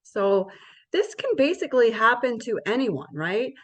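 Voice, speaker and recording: A woman's voice: a little high, sing-song, unhurried. Woman walking people through insurance, chatty, keeps asking "right?". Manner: conversational, checks in often with "right?". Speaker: insurance presenter. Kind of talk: educational presentation.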